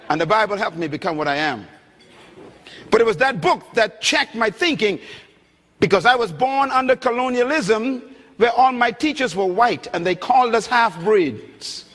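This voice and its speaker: A middle-aged man preaching a sermon from the Bahamas, emphatic, swinging between loud and soft passages. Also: extremely high pitch. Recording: long hall reverb.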